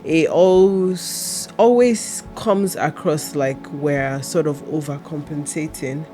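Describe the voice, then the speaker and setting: A woman speaks on a parenting panel, measured and reflective, leaning on small fillers as she thinks aloud. Faint music sits behind her voice. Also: low voice, mellow. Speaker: panel guest, mother. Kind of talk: casual panel chat.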